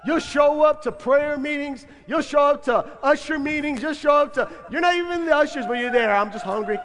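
Man, pastor, very high voice, playful lively sermon, laughing, acts out excuses. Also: normal speed. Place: church sanctuary.

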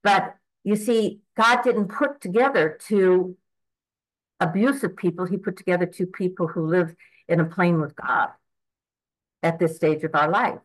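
A woman's voice: fairly low pitch, a little slow, poor audio. A woman of eighty giving an earnest, rambling personal testimony at a recovery meeting, with frequent restarts and fillers. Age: 80s.

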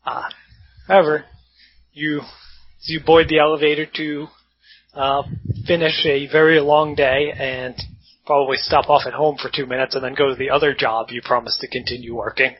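A man's voice: on the high side, level tone, moderate pace, slightly rough. A man narrating as game master in a laid-back, joking way, with casual swearing. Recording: dull lo-fi audio.

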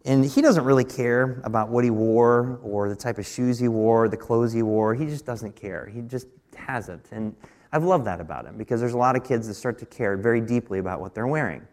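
A man's voice: normal speed, a little mellow. A man in his thirties preaching at a midweek church service, telling a personal story in a conversational way and often restarting his words. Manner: rises in pitch and force when pressing a point. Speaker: pastor. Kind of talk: sermon.

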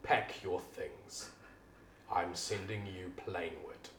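Demon boss, male, icy and commanding, low and slow, played by a man, roomy sound. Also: fairly bright tone. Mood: cold.

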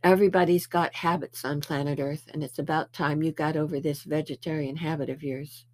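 A woman voicing a patient male spirit guide who lectures and gently scolds. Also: low voice, steady tone, fairly quick, lightly acted. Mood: lecturing.

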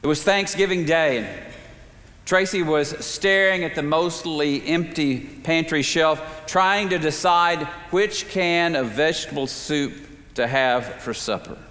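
A man preaching a sermon, telling a story in a measured way with slow, emphatic pauses. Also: on the high side, fairly bright tone. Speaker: pastor. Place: church sanctuary. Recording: reverberant sanctuary.

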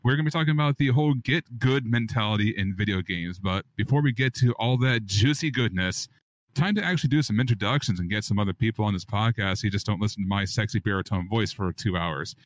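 A man's voice: fairly low pitch, quick pace. A man hosting a casual gaming podcast, teasing his co-hosts and giving hyped-up introductions. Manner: playful, teasing, hype-style introductions. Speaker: podcast host.

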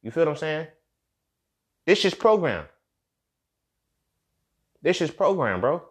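Slangy, animated man talking. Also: fairly high pitch, slow pace. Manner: animated, slangy, acts out quotes in other voices. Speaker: podcast host. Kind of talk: casual monologue.

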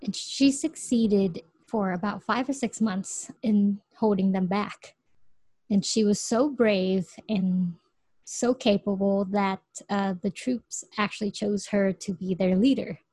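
A young American woman co-hosting a podcast, telling a story in an animated way and laughing often. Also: mid-range voice, slow pace, dry recording. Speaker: podcast co-host. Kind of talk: casual chat.

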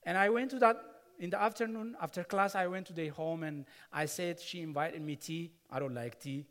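A man's voice: a little high, moderate pace, a bit bright. A man preaching a sermon, telling a personal story earnestly, repeating words and adding asides. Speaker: pastor. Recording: long hall reverb.

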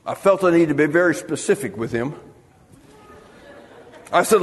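A preacher with a high voice delivers a sermon, spinning funny stories and slipping into the voices of the people he quotes. The sound hangs in the long reverb of a large church hall. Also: animated, fairly quick, long pauses. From United States. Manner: storytelling with humor, acting out quoted voices. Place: church sanctuary.

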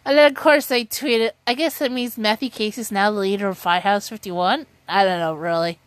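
A woman's voice: mid-range voice, fairly even intonation, brisk, smooth, no echo. A woman casually recapping a TV episode, rambling and giggly, who often breaks into laughter. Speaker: TV show recap vlogger.

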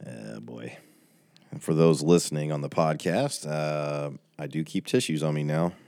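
Very deep-voiced man closing a Bible study. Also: animated, measured pace, gravelly, darkish tone, no echo. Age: 40s. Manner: chatty, reading out viewer comments. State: tearing up. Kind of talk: casual livestream Bible study wrap-up.

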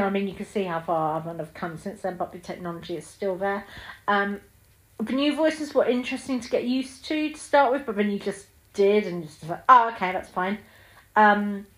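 A woman's voice: on the high side, poor audio. A woman in her thirties hosting a solo film podcast, chatting in a gushing way with lots of ums. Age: 30s. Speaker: podcast host. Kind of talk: casual solo film chat.

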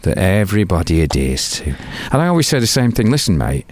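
Animated older British man telling stories. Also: fairly low pitch, fast. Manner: animated, swearing, acts out others' lines. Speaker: interview guest, musician. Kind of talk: casual interview storytelling.

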